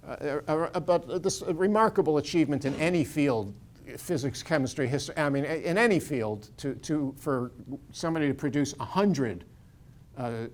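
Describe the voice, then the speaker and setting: An older man, a Bible scholar, gives an informal lecture full of anecdotes, with frequent fillers and restarts. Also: mid-range voice. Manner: digressive, many fillers and restarts.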